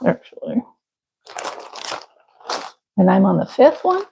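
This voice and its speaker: A woman's voice: medium pitch, sing-song, slow pace, gravelly, mellow, slightly rough, low-quality recording. A young woman hosting a live crochet stream, chatting casually and laughing at herself while she works. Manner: chatty, self-deprecating, talks to viewers while working. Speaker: livestream crochet host.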